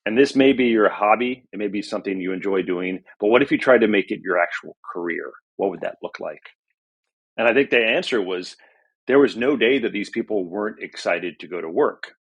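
A middle-aged author and journalist is interviewed conversationally, his fairly low voice animated, a little fast, and edged with breathiness on a muffled recording. He speaks reflectively, telling stories and using frequent fillers.

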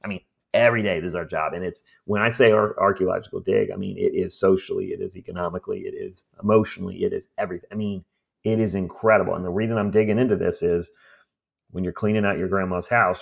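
Gravelly low-voiced man telling stories. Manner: animated storyteller, acts out voices. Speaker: estate cleanout business owner. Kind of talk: storytelling in a conversation.

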